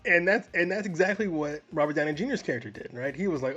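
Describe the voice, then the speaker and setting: A man co-hosting a film review podcast, talking in an animated way with frequent laughs and restarts. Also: fairly high pitch, quick pace, hardly any pauses, lo-fi sound. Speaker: podcast co-host. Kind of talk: casual film review chat.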